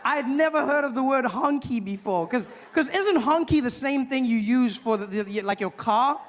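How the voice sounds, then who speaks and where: Animated high-voiced stand-up comedian man. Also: moderate pace, long reverb tail. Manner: animated storytelling with acted-out voices. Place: stage before a live audience.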